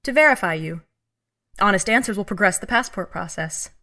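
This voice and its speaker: An actress playing an eerie, inhuman female customs officer who speaks in a calm, cold, measured and menacing way. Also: medium pitch. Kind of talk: audio drama acting.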